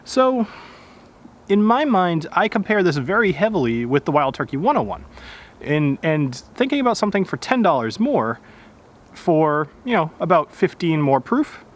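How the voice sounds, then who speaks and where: A man's voice: a little high, sing-song, moderate pace. A man casually reviewing a whiskey outdoors, chatty and correcting himself as he goes. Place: outdoors in nature.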